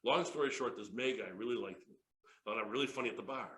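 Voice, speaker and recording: A man in his fifties presenting a sales workshop, an excitable, jokey storyteller who laughs often. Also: mid-range voice, fast. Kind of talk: lively workshop talk with stories. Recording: echoey room.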